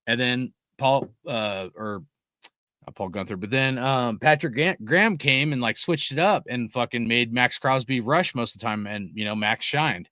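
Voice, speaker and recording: A man's voice: medium pitch, normal speed, dry recording. Heated, profane man ranting, dry close mic. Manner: heated, swears constantly, loud bursts. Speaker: podcast host reading live chat. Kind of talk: profane casual sports rant.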